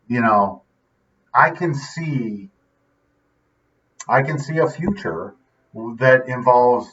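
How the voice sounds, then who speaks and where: A man talks to camera in a casual, heartfelt way, wandering between thoughts and checking in with "right?". His voice sits at a middle pitch and is picked up from a distance. The audio sounds dull and muffled. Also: fairly bright tone. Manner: earnest, rambling, frequent "right?" asides. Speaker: vlog host. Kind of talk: casual motivational talk.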